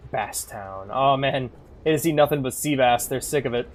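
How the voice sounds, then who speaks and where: A man streaming a game, rambling and swearing freely as he thinks out loud between moves. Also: mid-range voice, normal speed. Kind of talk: casual gameplay commentary.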